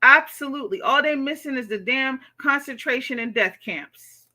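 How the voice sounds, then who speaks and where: A woman's voice: high voice, moderate pace, pushed and bright. An American woman hosting a livestream, reading chat comments and giving blunt, profane commentary, often tagging sentences with "okay?". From United States.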